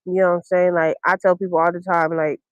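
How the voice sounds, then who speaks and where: A woman from Brooklyn, hosting a podcast and telling a personal story in a candid, slangy, unhurried way with many ums. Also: lowish voice, little pitch movement, smooth, dry recording, lo-fi sound. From Brooklyn, New York. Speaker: podcast host.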